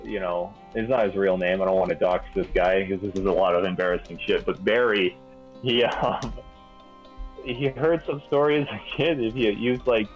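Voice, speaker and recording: Low-voiced man telling rambling stories. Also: moderate pace, muffled recording, faint music behind. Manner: rambling, laughing anecdotes. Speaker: guest on a gaming stream. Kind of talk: casual storytelling chat.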